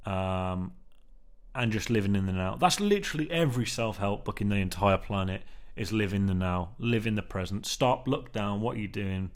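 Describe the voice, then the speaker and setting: Male vlogger with a lowish voice, casual and rambling, heavy on fillers and "man". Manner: meandering, filler-heavy, keeps saying "man". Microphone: newly bought mic, under test.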